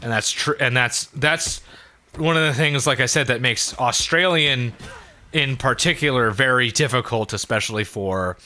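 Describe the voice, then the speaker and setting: A man's voice: medium pitch, moderate pace, pushed and bright. A man hosting a let's play, rambling in a loose and profane way with many fillers. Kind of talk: casual commentary while gaming.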